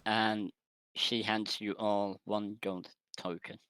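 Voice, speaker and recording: A man's voice: fairly low pitch, level tone, takes it slowly, sharp tone, clear, resonant tone, no room sound, low-quality recording. A man narrating a tabletop role-playing game as game master, describing scenes and laughing often with his players.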